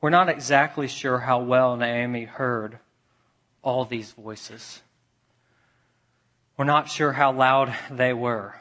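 A man preaching a sermon as pastor, deliberate, repeating phrases with building emphasis. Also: medium pitch, fairly even intonation, fairly bright tone.

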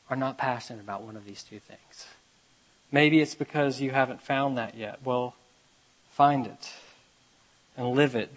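A man preaching a sermon, reading scripture aloud and telling a parable, moving between loud urgent passages and quiet hushed ones. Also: medium pitch, rough recording. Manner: reads scripture aloud and tells a parable with kid voices. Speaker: pastor.

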